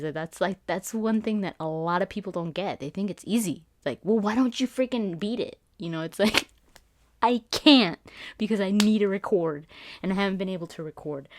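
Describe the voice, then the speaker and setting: A woman with a fairly low voice talks through a game trailer in a casual, excitable ramble. She restarts her sentences often as her thoughts run ahead of her. The sound is dry and close, with little room around it. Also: no room sound. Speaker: gaming YouTuber doing Let's Plays.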